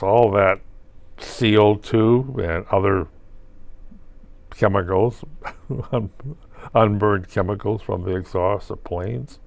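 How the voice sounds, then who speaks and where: Older man, gravelly and unhurried, talking to himself in a wry, wandering monologue. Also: fairly low pitch, no room sound. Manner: muses aloud, asks and answers himself with wry asides. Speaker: vlogger. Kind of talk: rambling solo monologue.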